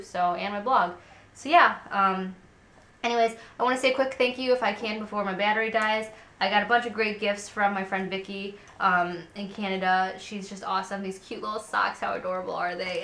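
Candid young mom in a roomy echo. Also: female voice, medium pitch, a bit bright. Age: 20s. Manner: candid, rambling, many fillers. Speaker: parenting vlogger. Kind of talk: casual chat to camera. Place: at home.

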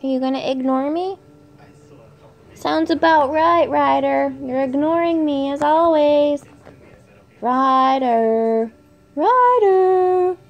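A woman's voice: sits high, slow, pauses often, muffled recording. A mother in a home vlog, playfully teasing and coaxing her toddler in singsong baby talk. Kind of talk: home vlog, talking to a child.

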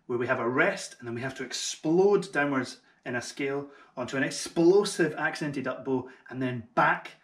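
A man teaching a double bass lesson online, who explains each step in an encouraging way and makes light jokes at his own expense. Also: fairly bright tone, roomy sound. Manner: friendly and encouraging, with light self-mocking jokes. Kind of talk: online music tutorial.

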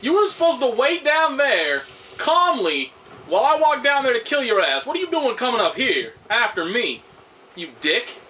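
A man commentating on his own gameplay, swearing loudly at the game and making sarcastic remarks. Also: extremely high pitch, very animated, normal speed, a little hiss or hum. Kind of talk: let's play commentary.

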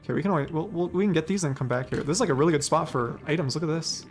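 Very fast and fairly high-pitched, a young man chats loosely through a live game stream, rambling between thoughts. Whenever he's startled he shrieks and laughs, while faint game music plays beneath him.

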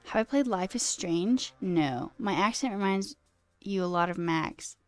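A woman's voice: lively intonation, measured pace, soft background music. Chatty self-deprecating woman streamer. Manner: pitch leaps high mid-sentence. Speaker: coding streamer. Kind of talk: casual live-stream chat.

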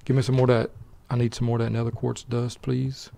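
An older man giving easygoing, slow gameplay commentary meant to help people fall asleep, muttering to himself and bantering with an imagined buddy. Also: mid-range voice, completely flat delivery, vocal fry, mellow. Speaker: let's play host.

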